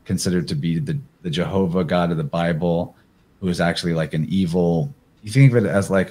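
Low-voiced man rambling through slides. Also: a little mellow. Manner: rambling, thinks aloud with fillers; reads passages aloud from slides. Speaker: podcast guest presenter. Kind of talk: casual slide presentation.

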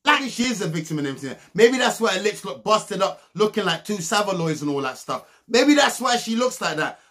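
A young man giving a comedic, mocking recap of a reality TV show, breaking into loud laughs. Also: a little fast. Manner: mocking, animated, bursts into loud high laughs.

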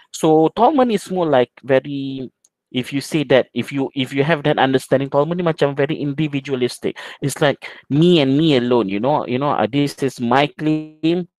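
A man's voice: mid-range voice, a little mellow, no room sound. A male university lecturer with a Malaysian English accent, teaching an online class over a video call and mixing Malay words into his English, with many fillers.

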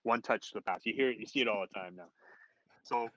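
A man, a former hockey player, telling an anecdote in casual chat as a podcast guest, animated and laughing often. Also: lowish voice, fairly quick, no room sound, dull audio. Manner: animated, laughs often, quotes others in raised voices. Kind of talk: casual storytelling.

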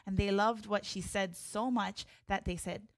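A woman teaching an online hula class, chatting to viewers by name in a friendly way and leading chants in long drawn-out tones. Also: medium pitch, steady tone, no room sound, clean studio sound.

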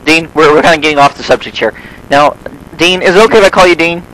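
A man with a Midwestern American accent making a prank phone call, deadpan and feigning theatrical offense. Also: a little high, fast talker. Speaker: scam baiter on a phone call.

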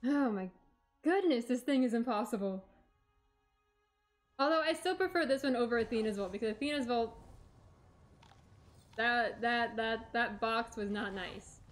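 A woman's voice: on the high side, unhurried, long pauses, soft background music. A young woman streaming a video game, talking to herself with chatty, dramatic exclamations. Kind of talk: let's play commentary.

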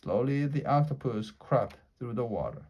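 A man reading a children's storybook aloud in a slow, deliberate way, with small slips. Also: mid-range voice, expressive, darkish tone. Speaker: storybook reader.

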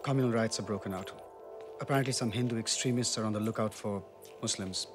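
An actor playing a young man who calmly but urgently explains why he must leave, in film dialogue. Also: fairly low pitch, fast, music in the background, close to an everyday voice. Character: young man warning of riots, calm and urgent.

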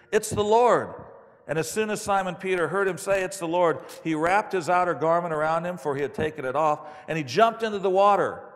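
Man, sermon, animated storytelling, lively pitch, slightly high voice, long hall reverb. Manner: animated storytelling with acted-out quotes. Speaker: preacher.

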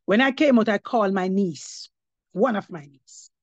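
A woman's voice: mid-range voice, moderate pace, dry recording. A woman giving her testimony as an apostle, preaching to a congregation and slipping between English and patois, rising to emphatic cries of praise.

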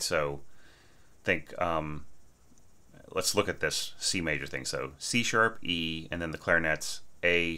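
A man's voice: rumbling low, bright, forceful tone. A man giving an informal lecture on orchestration, enthusiastic, often checking in with "right?" and singing short phrases.

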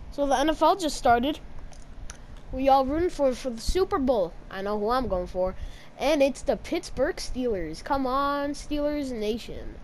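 A woman giving casual, jokey commentary while playing a game, yelping and shouting at the action. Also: on the high side, slight background noise. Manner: excitable, yelps and shouts at the game; jokey, teasing asides to viewers. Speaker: gamer.

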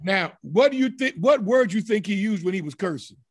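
A man with a Southern US accent leading a Bible study, teaching in an animated way and acting out the voices in the scripture. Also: sits high, brisk.

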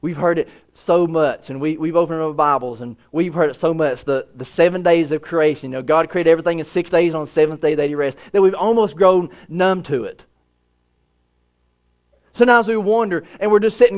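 A man in his thirties preaching a sermon as pastor, earnest, with repeated phrases, swinging from hushed to emphatic. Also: on the high side, lively intonation, a little fast, lo-fi sound.

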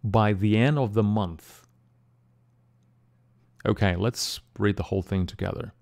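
Male tutor, low-pitched, very slow and deliberate, casual fillers. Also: creaky, a little mellow. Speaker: language teacher. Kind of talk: pronunciation lesson.

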